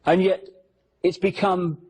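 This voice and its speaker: A man's voice: high voice, little pitch movement, slow, darkish tone, breathy edge. A man giving a public lecture with slides, talking the audience through pictures with sarcastic, mocking asides.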